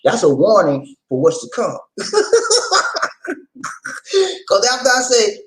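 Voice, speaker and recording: A middle-aged man hosting his vlog at home, telling stories in a folksy, animated way and talking straight to his viewers. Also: sits high, slow pace, low-quality recording. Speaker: vlog host. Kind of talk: casual storytelling chat to camera. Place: home in the Philippines.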